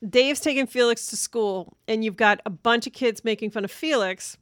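A woman's voice: on the high side, normal speed, dry recording. Woman recapping a film plot, dry sound. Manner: conversational, summarizes plot with hesitant restarts. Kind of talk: casual movie review chat.

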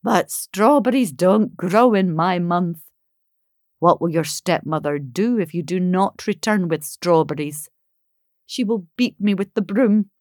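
Lady doing kindly old december, gentle and slow, slow pace. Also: lowish voice, animated, no room sound, clean studio sound. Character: old kindly winter month, gentle older man.

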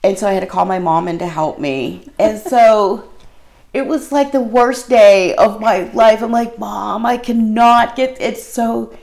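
A woman's voice: mid-range voice, a little slow, darkish tone. A middle-aged woman telling an embarrassing story in casual chat, rambling and laughing as she goes.

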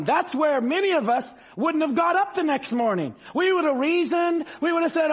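High husky guy preaching hard, slow drawn-out scripture, bursts of shouting, muffled recording. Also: animated. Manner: fervent, rising to shouts, drawls scripture slowly. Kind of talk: sermon. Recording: dull lo-fi sound.

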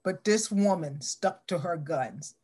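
Animated woman telling a story. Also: fairly low pitch, slow, breathy edge. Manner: animated storyteller acting out quoted dialogue. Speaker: interviewee. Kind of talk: storytelling in an interview.

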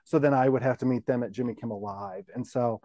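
A middle-aged man, a guest on the show, telling his career story in a relaxed, rambling way full of "you know" fillers. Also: mid-range voice, fast, dry recording. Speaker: guest, TV station general manager.

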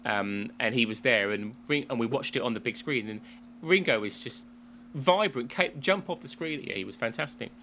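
A man's voice: mid-range voice, lively intonation, normal speed, bright, forceful tone, a little hiss or hum. A man from England co-hosting a casual chat podcast, rambling with restarts and frequent laughs. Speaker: podcast co-host.

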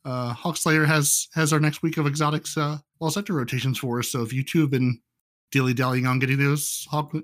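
A man's voice: medium pitch, steady tone, a little fast, a bit bright. Male co-host, casual gaming chat, rambling and jokey. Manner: joking, rambling, repeats words. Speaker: podcast co-host.

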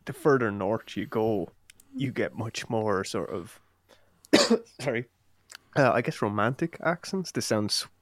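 A man co-hosting a podcast, bantering in a relaxed, joking way. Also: on the low side, measured pace, pauses often, no echo. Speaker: podcast co-host. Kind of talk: casual chat.

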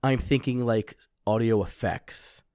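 A man's voice: medium pitch, measured pace, mellow, smooth, no echo, clean studio sound. Blunt, swearing young man. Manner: blunt, swears casually, reads lists aloud. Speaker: podcast co-host. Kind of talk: casual chat.

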